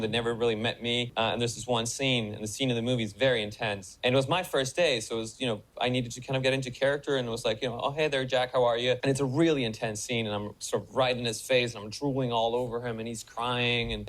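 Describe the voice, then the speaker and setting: Male actor in an interview clip, animated storytelling with frequent laughs. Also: mid-range voice, low-quality recording. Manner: animated storytelling, laughs often, halting restarts. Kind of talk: interview anecdote.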